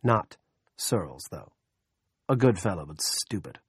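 A man voicing a smug, scheming middle-aged male town politician who speaks slowly and condescendingly. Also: sits low, big pitch swings, husky, dry recording, clean studio sound, full character voice. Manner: slow, condescending and self-satisfied.

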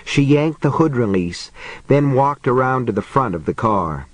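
A man's voice: medium pitch, animated, moderate pace, no echo, low-quality recording. Man narrating a novel, dry close sound. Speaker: audiobook narrator. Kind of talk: scripted narration.

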